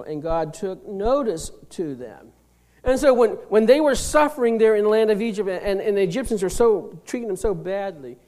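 A high-pitched male preacher works through a scripture passage, reading the old verses slowly and then explaining them in plain words. He swings from loud, emphatic lines down to hushed near-whispers. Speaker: pastor. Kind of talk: sermon.

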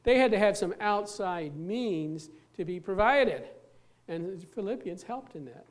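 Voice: medium pitch, expressive. Earnest pastor preaching a sermon. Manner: earnest, emphatic, slows down to stress key words; repeats and restarts phrases while preaching.

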